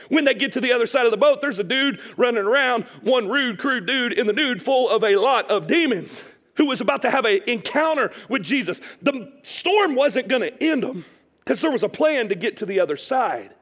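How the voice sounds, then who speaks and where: A male preacher with a high, light voice tells a story from the pulpit. He swings between hushed, slowed lines and sudden loud bursts, putting on little voices and laughing along. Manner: animated storytelling, acts out voices, laughs often. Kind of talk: sermon.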